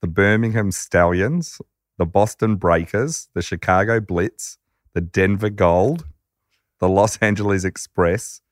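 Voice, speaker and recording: A podcast host telling a story conversationally, animated and acting out quotes. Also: male voice, deep voice, a little slow, no echo, clean studio sound. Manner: animated narrator who acts out quotes.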